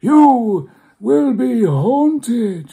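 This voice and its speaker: A man reading a story aloud, voicing a dead man's ghost who gives solemn, drawn-out warnings. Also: very high voice, sing-song, creaky, warm tone, voice pushed up, full character voice.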